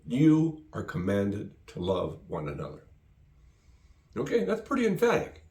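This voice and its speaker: A man preaching with a wide, lively swing of pitch, taking his time over each phrase. He is a pastor who leans hard on repetition to drive each point home. His voice carries a roomy echo around it. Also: a little slow. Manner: emphatic, repeats phrases for stress. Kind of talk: sermon.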